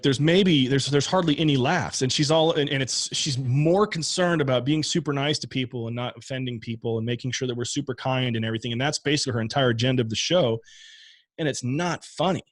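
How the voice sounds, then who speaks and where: Man, podcast guest, candid and rambling, mid pitch, dry close mic. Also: a little fast, no room sound. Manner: candid, rambling with restarts and swearing. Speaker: podcast guest, stand-up comic. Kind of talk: casual conversation.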